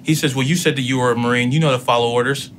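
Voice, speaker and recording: A man telling a personal story in casual talk, acting out both sides of the dialogue with lively emotion. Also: mid-range voice, racing, a little hiss or hum. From United States. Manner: animated retelling, acts out both sides of dialogue. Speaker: podcast guest.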